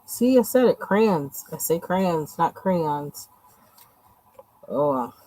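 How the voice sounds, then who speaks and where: A woman's voice: lowish voice, very animated, moderate pace, dark tone, low-quality recording. A woman chatting casually and rambling with lots of fillers while she colors on a livestream. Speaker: livestream host.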